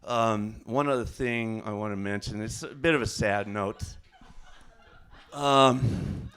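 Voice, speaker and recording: A man doing a stand-up comedy set, rambling and halting, with fillers and self-corrections. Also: lowish voice, fairly bright tone, smooth.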